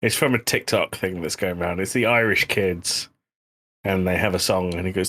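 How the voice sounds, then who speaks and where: A British man with a deep voice co-hosts a comedy podcast, speaking at normal speed in a pushed, bright way. He chats casually and rambles through his jokes.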